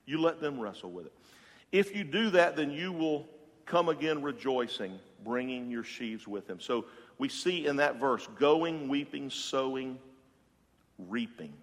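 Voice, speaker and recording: A man preaching a sermon as pastor, passionate and swinging from loud to hushed. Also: mid-range voice, a little slow. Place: church sanctuary. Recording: long hall reverb.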